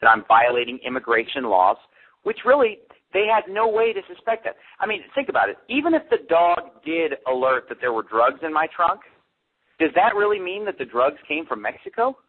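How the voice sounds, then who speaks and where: A pastor as a radio interview guest, telling a story in an animated way and quoting the people he met. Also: fairly high pitch, a little fast. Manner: animated storytelling with quoted dialogue. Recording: tinny phone line.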